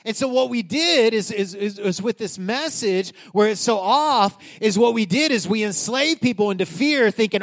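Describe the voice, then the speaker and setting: A male pastor in his thirties delivers a sermon in a conversational but emphatic style. His voice sits high for a man. He often stumbles and restarts his phrases as he pushes his points. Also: moderate pace, few pauses, fairly bright tone. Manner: casual, emphatic, with frequent restarts.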